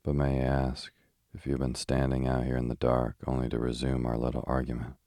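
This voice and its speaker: A man reading as a patient, grave gentleman, very deep. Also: completely flat delivery, fairly quick, no echo, clean studio sound. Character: calm, patient gentleman debater. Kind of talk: sleep audiobook reading.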